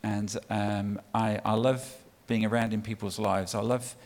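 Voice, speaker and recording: A middle-aged Englishman, guest speaker for a child sponsorship charity, gives a sermon talk to a church congregation in a church hall. His lowish voice is flat, a little slow, and darkish in tone; he's chatty, with many ums and restarts, and the large hall adds long reverb.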